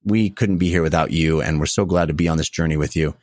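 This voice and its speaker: A man's voice: very deep voice, fast talker, a little mellow, no echo, clean studio sound. A man hosting a casual podcast, talking loosely with frequent "uh" fillers. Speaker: podcast host.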